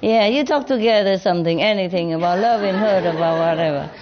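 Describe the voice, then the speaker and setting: A woman's voice: medium pitch, a little fast, crowd noise. A woman teacher speaking informally to an audience, playful and laughing often, sometimes imitating accents. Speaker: spiritual teacher answering an audience. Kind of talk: informal gathering talk with audience. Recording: muffled recording with audience and noise.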